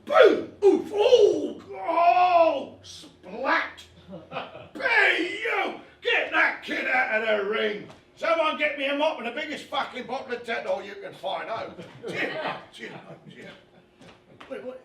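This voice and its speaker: An actor playing a brash boxing commentator. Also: male voice, very high voice, takes it slowly, pauses often, exaggerated voice. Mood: excitable. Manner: animated, chummy, addresses the audience directly. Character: brash, chatty British male boxing commentator. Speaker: stage performer. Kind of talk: one-man stage comedy monologue. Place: theatre stage with a live audience. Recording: roomy live stage recording from far off.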